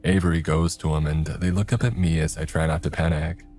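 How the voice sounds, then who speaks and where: A man narrating a first-person horror story in a tense, gruff manner. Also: extremely low pitch, fairly even intonation, fairly quick. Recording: soft music underneath.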